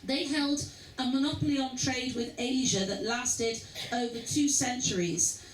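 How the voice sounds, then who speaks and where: A woman's voice: high-pitched, measured pace. Woman lecturing in an echoey ship lounge. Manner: chatty, addresses the audience directly with questions. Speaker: cruise lecturer. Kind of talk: informal history lecture to passengers. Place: lounge aboard a river cruise ship. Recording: roomy, distant, faint background noise.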